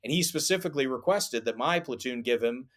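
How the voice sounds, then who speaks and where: A man's voice: mid-range voice, animated, brisk. A man and former soldier telling a story on a podcast in a casual, rambling way, with lots of fillers and restarts.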